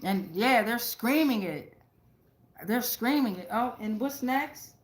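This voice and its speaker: A woman giving a casual tarot reading to her viewers, talking excitably with lots of profanity, repeating phrases and checking in with "right?" again and again. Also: a little high, slow pace, roomy sound. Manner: profane, keeps asking "right?". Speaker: tarot reader.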